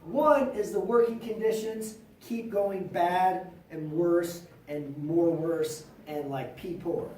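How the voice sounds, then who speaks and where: A male teacher lectures with loose, slangy energy, jumping into quick role-play bits with his students. He is recorded from across an echoey classroom, so his voice sounds distant and roomy, with faint room noise behind him. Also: sits high. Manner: animated, slangy, acts out quotes.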